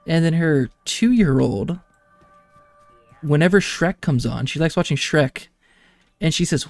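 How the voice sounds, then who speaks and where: A man's voice: on the high side, lively intonation, a little slow, vocal fry, long pauses, no echo, faint music behind. A young man and streamer telling rambling family anecdotes in casual chat, laughing often. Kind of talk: casual chat while gaming.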